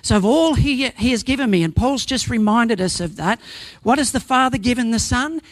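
A man's voice: very high-pitched, expressive, normal speed, no room sound. A man preaching a sermon, earnest and emphatic, building points through repetition and sometimes restarting a phrase.

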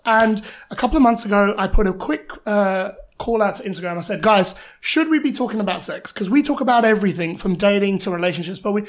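A playful woman hosts a casual podcast chat. She talks in a bubbly way and laughs often between thoughts. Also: medium pitch. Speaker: podcast host.

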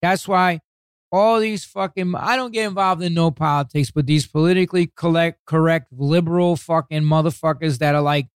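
An older man tells his stories in a profane, animated rush and acts out every exchange. His voice is smooth and crisp and sits a little high, and the recording is dry and close. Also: normal speed, no echo. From New York City. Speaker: guest. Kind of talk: casual interview storytelling.

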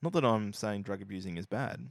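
A man co-hosting a casual sports podcast, swearing freely and rambling excitedly about players. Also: lowish voice, a little fast, vocal fry, dry recording, studio quality. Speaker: podcast co-host.

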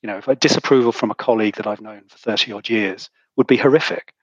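Middle-aged male guest, husky, dry close sound, emotional and halting. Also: on the low side, no echo, muffled recording. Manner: halting, emotional, many restarts. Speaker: podcast guest, author. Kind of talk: conversational interview.

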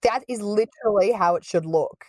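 A woman's voice: mid-range voice, moderate pace, no room sound. A woman hosting a podcast, talking in a chatty, enthusiastic way. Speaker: podcast host. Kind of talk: casual chat.

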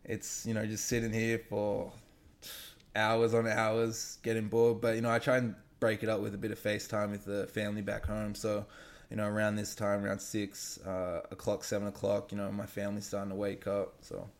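Laid-back Australian man, gravelly low voice. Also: monotone. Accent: Australian, somewhat faded. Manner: laid-back, halting, many fillers. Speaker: guest athlete. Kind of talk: casual remote interview.

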